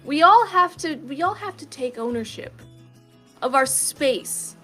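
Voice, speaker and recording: A woman with a high voice plays her part in a comedic tabletop game. She talks in a mock-earnest, halting way. Faint music sits low underneath her. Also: animated, sharp tone. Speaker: guest player. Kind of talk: in-character tabletop play.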